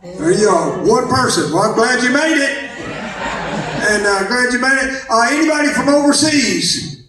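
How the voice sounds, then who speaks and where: Southern man, middle-aged, stand-up comedy, high voice, echoey distant hall recording. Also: expressive, normal speed, heavy background noise. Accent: Southern American. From American South. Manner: rambling folksy storytelling. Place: large theater stage with live audience.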